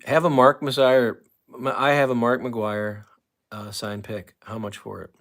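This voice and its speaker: A man's voice: mid-range voice, flat delivery, a little slow, a bit bright. A man hosting a casual live stream who rambles, reads viewer comments aloud and walks around his room while he talks. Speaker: livestream host. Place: room at home with an autograph wall.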